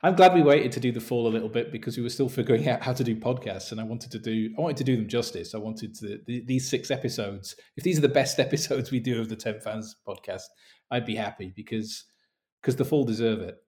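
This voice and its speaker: Man, mid pitch, podcast co-host, earnest, reflective, halting. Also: a little mellow. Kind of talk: casual podcast chat.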